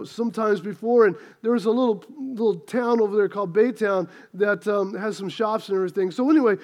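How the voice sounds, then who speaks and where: A middle-aged man with a very high voice preaches a sermon. He talks in a chatty, self-deprecating way and slips into a humorous personal story. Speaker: pastor.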